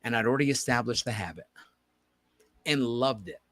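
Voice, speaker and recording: A man co-hosting a podcast, telling a story in casual chat and acting out the quoted dialogue with lively energy. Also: mid-range voice, moderate pace, no room sound. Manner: animated, acts out quoted dialogue. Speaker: podcast co-host.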